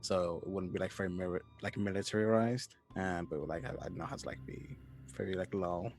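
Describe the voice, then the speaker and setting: Low, gravelly-voiced man, hesitant player. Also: brisk, a little mellow, faint music behind. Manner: hesitant, full of fillers. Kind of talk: casual game chat.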